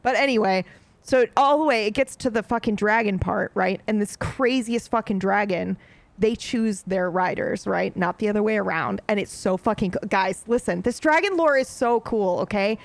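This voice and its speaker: Excitable, foul-mouthed woman chatting to viewers. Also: mid-range voice, moderate pace, vocal fry, no room sound. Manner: profane, excitable storytelling with frequent laughs. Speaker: let's play streamer. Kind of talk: casual chat to viewers.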